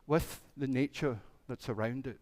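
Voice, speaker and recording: A man's voice: mid-range voice, moderate pace, darkish tone. A man, a minister telling a playful children's story during a church service and acting out the animals.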